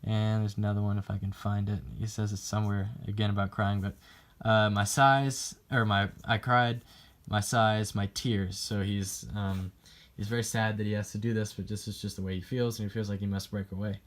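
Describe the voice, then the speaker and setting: A man's voice: fairly low pitch, flat delivery, fairly quick, few pauses, a little mellow. A young man giving a class presentation on a poem, hesitant and full of ums, reading quotes aloud as he explains them. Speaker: student presenting a poem analysis.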